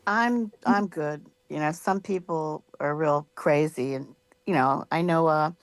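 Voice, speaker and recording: Woman guest chatting, rambly, tons of you know and like, lowish voice, dry sound. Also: unhurried, dry recording. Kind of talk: casual interview chat.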